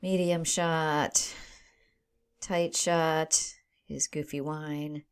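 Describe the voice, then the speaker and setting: A woman's voice: low-pitched, little pitch movement, extremely slow, clean tone. Casual woman teaching video editing. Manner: casual, thinks aloud, checks in with frequent "right?". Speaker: instructor. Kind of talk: screen-recorded software tutorial.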